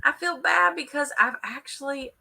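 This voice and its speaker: A woman, co-hosting a casual live chat and telling animated stories to viewers. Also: sits high, moderate pace, gravelly, rough recording. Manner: chatty, animated storyteller, warm toward viewers. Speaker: co-host.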